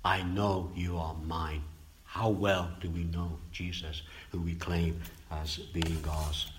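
A man preaching a sermon, swinging between loud emphatic bursts and quiet low asides, and stretching out key phrases. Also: flat delivery, slow pace, a little hiss or hum.

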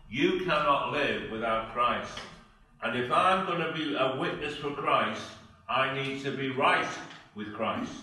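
Male preacher, earnest and questioning, slow delivery, bright tone, echoey church hall with the mic far off. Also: medium pitch, slight background noise. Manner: earnest, asks the congregation many questions. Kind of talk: sermon.

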